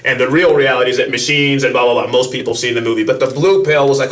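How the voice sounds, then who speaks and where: A man's voice: mid-range voice, steady tone, very fast, a bit bright, far from the mic. A man hosting a podcast, telling stories in a brash, self-assured way. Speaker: podcast host. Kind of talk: casual podcast chat.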